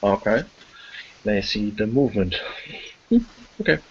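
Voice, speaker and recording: A man with a low, gravelly voice narrates as game master of a tabletop game. He talks in a hesitant, rambling way with many fillers, a little husky. The audio is dull and lo-fi. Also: expressive, measured pace.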